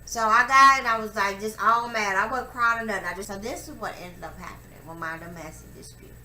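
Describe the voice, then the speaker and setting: A young woman telling a personal story to camera, profane and emphatic, acting out her quotes loudly. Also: mid-range voice, fast talker. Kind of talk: candid storytelling monologue. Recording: echoey room with faint ambient noise.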